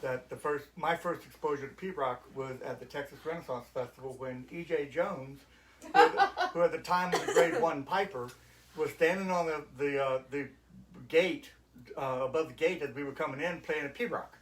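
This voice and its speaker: A man's voice: on the high side, moderate pace, a little hiss or hum, rough recording. A man in a band, co-hosting a casual livestream chat, wry and easygoing, laughing as he tells stories. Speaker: band member and co-host.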